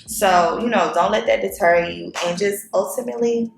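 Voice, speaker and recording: A woman's voice: medium pitch, moderate pace, vocal fry, faint music behind. A young woman vlogging about her nursing work in a loose, chatty way, full of fillers and restarts. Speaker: nurse vlogger. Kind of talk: casual chatty vlog. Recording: roomy echo.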